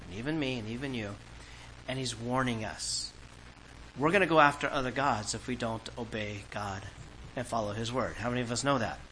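A man's voice: mid-range voice, sharp tone, slight background noise, rough recording. A man preaching a sermon, emphatic and asking the congregation questions as he reads scripture. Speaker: pastor.

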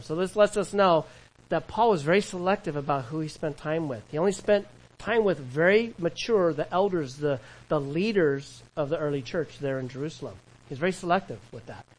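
A male pastor preaches in a chatty, animated manner. His voice sits fairly high, and he often mixes in quick laughs and imagined dialogue. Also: low-quality recording. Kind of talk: sermon.

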